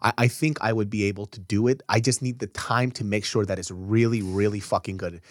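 A man's voice: fairly low pitch, fairly even intonation, fairly quick, dry recording, studio quality. A man in his thirties co-hosting a podcast, talking in an earnest, profane way. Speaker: podcast co-host. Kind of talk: casual chat.

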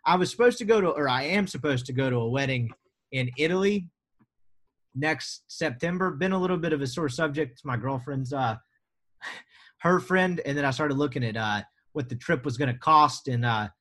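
A man's voice: on the high side, lively intonation, moderate pace, fairly bright tone. A young adult American man hosting a sports podcast in a casual, joking, rambling way. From United States. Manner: joking, rambling, sarcastic asides. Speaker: podcast host.

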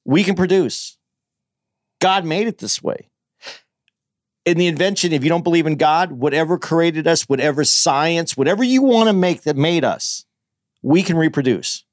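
A man's voice: fairly high pitch, moderate pace, no room sound. Guy on a podcast explaining his point, earnest, keeps restarting, dry sound. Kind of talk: casual chat.

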